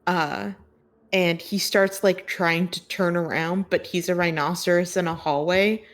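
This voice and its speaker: A woman narrating as game master of a tabletop game, relaxed, with lots of fillers and laughter between lines. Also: fairly low pitch, a little slow.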